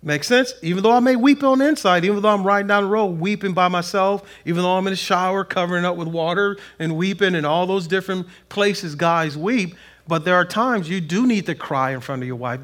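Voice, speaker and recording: A middle-aged pastor preaching a sermon, animated, acting out quotes in a raised voice. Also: male voice, high voice.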